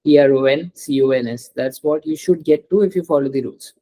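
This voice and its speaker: A male language teacher with a mellow, slightly husky voice walks a student through pronunciation rules one step at a time. He talks patiently and keeps prompting her to read words out loud. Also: a little high, brisk, low-quality recording. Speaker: French teacher.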